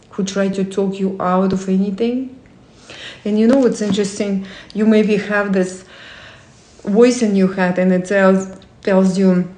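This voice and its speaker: The host is a woman whose mid-range voice has a darkish tone. She reads from a book and invites the listener to reflect through questions, speaking casual, non-native English with many self-corrections, all in an echoey room.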